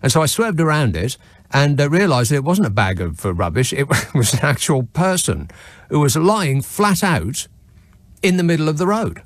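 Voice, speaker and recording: A man's voice: a little high, very animated, normal speed, no room sound. A man hosting a late-night radio phone-in, telling a story in a wry, sardonic, self-mocking way. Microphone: studio microphone.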